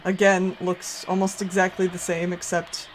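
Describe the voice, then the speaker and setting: A woman's voice: on the low side, monotone, normal speed. A woman streaming a game from her home basement, thinking aloud and chatting casually with her viewers. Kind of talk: casual live-stream commentary. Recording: home stream mic with loud background noise.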